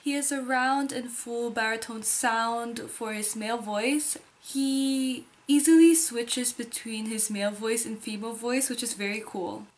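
A woman calmly analyzing a singer's voice in technical terms. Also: a little high. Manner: calm, technical, explaining. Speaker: vocal analyst reacting. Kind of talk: analytical reaction commentary.

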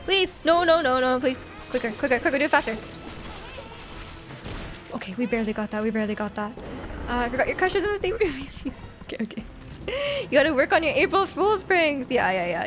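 A young woman live-streaming a video game, giggling, reacting excitedly and teasing her chat as she plays. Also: high voice, fast. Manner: reads chat aloud and teases viewers. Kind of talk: casual live game stream, chatting with viewers. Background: faint game music.

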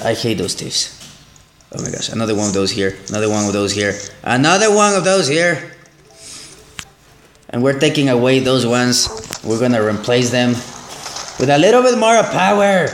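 A man giving excitable let's play commentary as a gaming channel host, exclaiming and repeating himself. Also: medium pitch, moderate pace, long pauses, soft background music. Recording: roomy echo.

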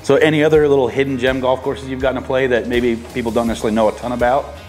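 A man's voice: mid-range voice, flat delivery, racing, a little mellow. A man hosting a casual chat while playing golf outdoors, joking around and giving golf advice. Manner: easygoing, jokey, gives golf advice. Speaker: host, golf interviewer. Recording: faint music under the talk.

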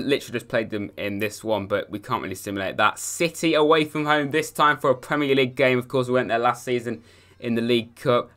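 Excitable lad, bright voice. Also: male voice, mid-range voice. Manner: excitable, swings from muttering to loud outbursts. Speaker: gaming YouTuber. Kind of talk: casual game commentary.

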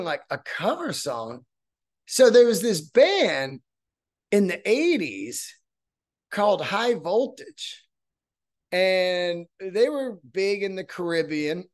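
A man hosting a podcast, telling a story in a casual, profane, excitable way. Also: high voice. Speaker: podcast host.

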